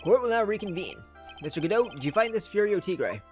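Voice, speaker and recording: A woman voicing a flustered old male judge who talks slowly and fussily. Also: mid-range voice, very animated, a little mellow, soft background music, lightly acted. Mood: fussy.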